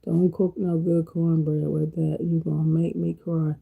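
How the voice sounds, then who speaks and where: A woman hosting a casual cooking vlog, talking in a relaxed, folksy way to herself and greeting viewers by name. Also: deep voice, a little slow, vocal fry, slightly rough, narrow, tinny audio. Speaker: cooking channel host. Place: home kitchen.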